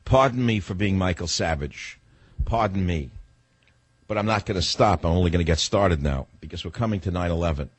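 A man's voice: deep voice, fairly quick, breathy edge, no room sound. A male talk radio host delivering a heated, sarcastic monologue.

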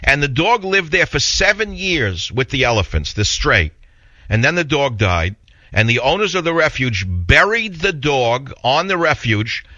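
A man's voice: mid-range voice, very animated, measured pace, sharp tone, no echo. A man hosting a radio talk show, telling stories in a rambling, indignant way and taking calls. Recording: dull lo-fi radio broadcast.

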